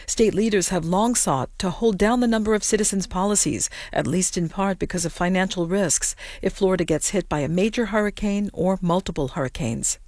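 A female newscaster reading the news in a crisp, measured way. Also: mid-range voice, a little mellow, dry recording, clean studio sound.

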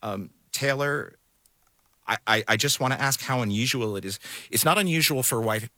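A man's voice: mid-range voice, normal speed, sharp tone, no room sound. A man hosting a studio news discussion, earnest and questioning, sometimes restarting his sentences. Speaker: radio show host. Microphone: studio microphone.

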